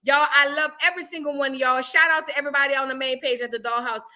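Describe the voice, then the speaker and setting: A woman hosting her own reaction channel, chatting to viewers in a brash, profane, animated way. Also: high voice, racing. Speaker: YouTube reaction host. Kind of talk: casual chat to viewers.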